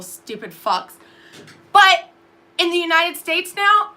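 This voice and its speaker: A woman, a nurse and lactation consultant, ranting heatedly to camera, swearing constantly and swinging from quiet asides to loud outbursts. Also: high voice. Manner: swearing, heated, fast-shifting loudness. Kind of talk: profane ranting monologue to camera.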